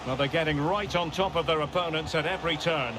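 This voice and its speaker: A man doing play-by-play football commentary for a video game, with measured calls that build to excited shouts. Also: on the high side, background noise. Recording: loud crowd and game sound under the voice.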